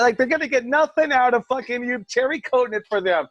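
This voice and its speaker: A man's voice: high-pitched, very animated, fast, few pauses, a bit bright, faint music behind, poor audio. A man with an American accent, a wrestling coach talking bluntly and with heavy swearing to his students. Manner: blunt, profane, emphatic. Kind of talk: casual talk to students.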